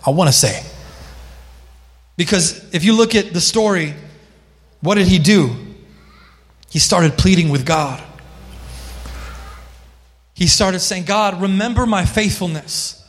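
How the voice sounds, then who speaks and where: A man's voice: high-pitched, slow pace, long pauses. A male pastor preaching a sermon with passion, calling on people in the congregation by name. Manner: impassioned, calls on listeners by name. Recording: long hall reverb.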